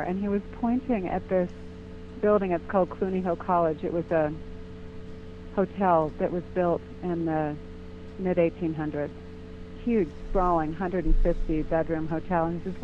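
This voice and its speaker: A woman guest telling a lively story, popping into the voices of the people she quotes. She comes through a thin, tinny phone line with a little hiss behind her. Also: on the low side, normal speed. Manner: animated, acts out quoted voices. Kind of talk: casual storytelling.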